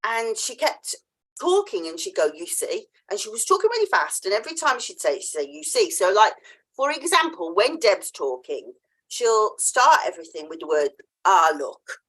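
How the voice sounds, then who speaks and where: Animated woman telling a story. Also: mid-range voice, normal speed. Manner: chatty storytelling, acts out quoted voices; laughs often. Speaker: podcast host. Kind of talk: casual interview chat.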